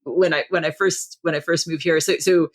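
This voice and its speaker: Chatty American woman, lowish voice. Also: fairly even intonation, normal speed. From Buffalo, New York, USA. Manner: chatty, laughs often, many restarts. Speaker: podcast guest. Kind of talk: casual interview chat. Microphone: video call.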